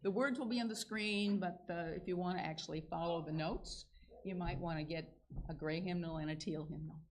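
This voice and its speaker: A woman's voice: on the low side, brisk, a little hiss or hum, low-quality recording. An older woman leading a church service in a sanctuary, friendly and lightly informal as she welcomes people. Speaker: worship leader.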